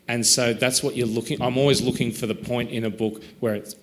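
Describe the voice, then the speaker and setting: A man's voice: mid-range voice, steady tone, brisk, few pauses. A man talking as an author in an interview, thoughtful and self-deprecating, rambling a little with restarts. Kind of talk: reflective conversational interview.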